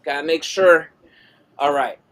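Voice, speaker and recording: While drawing on a live stream, a middle-aged man rambles casually and reads viewer messages aloud. He speaks unhurriedly, his voice on the high side with a fairly bright tone.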